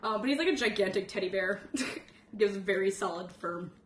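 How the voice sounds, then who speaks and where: A young woman telling an excited story in a casual chat, rambling and laughing often. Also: mid-range voice, moderate pace, reverberant, slight background noise. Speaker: guest telling a convention story.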